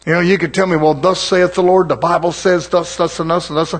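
A man delivers a sermon in a somewhat raised, husky voice. He speaks earnestly and conversationally to his congregation, stacking repeated phrases and rhetorical questions to drive his points home. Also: high-pitched, little pitch movement, fairly quick. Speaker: preacher.

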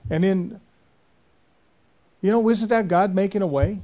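Folksy preacher man, mellow voice. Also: sits high, unhurried, long pauses. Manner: folksy, rambling storytelling with dialect grammar. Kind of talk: sermon.

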